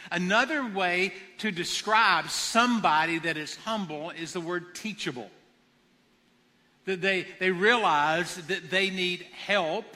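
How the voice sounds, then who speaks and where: A pastor preaching a sermon in an earnest manner, repeating phrases for emphasis. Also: male voice, sits high, slow, bright, forceful tone, big-room sound.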